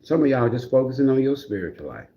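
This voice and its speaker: A man's voice: medium pitch, very animated, fast, lo-fi sound, background noise. A man giving a casual livestream tarot reading in a blunt, profane, mocking way. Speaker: tarot reader.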